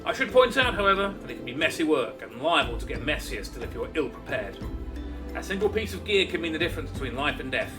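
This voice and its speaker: A man's voice: on the high side, very animated, quick pace, distant mic, over music. A man voicing a stern, formal mercenary recruiter from a game, with a stiff, cautionary delivery. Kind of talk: reading game dialogue aloud in voices.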